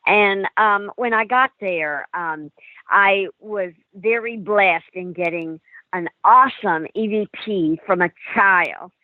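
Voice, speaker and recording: An animated woman telling her investigation stories on a call, slipping into the voices she quotes. her voice comes through a narrow, tinny phone line, dry with no room around it. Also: mid-range voice, slow pace, dry recording. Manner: animated storyteller acting out quotes. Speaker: paranormal investigator guest. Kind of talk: storytelling in a call-in interview.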